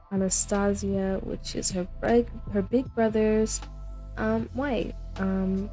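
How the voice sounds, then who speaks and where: A woman's voice: medium pitch, darkish tone. A young woman casually commenting on her life-sim gameplay, chatty and rambling as she narrates what her characters say. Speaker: gameplay host.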